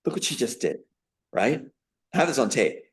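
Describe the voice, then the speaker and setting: A man's voice: mid-range voice, sing-song, moderate pace. A man being interviewed as a guest, giving a long, rambling personal account in an emphatic, indignant tone with frequent fillers.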